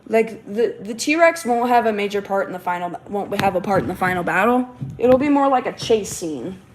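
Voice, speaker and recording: A woman's voice: medium pitch, expressive, normal speed. Livestream host, woman, mid-range voice, rambling delivery with constant fillers, faint noise behind. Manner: rambling, many fillers and restarts. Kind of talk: casual livestream talk.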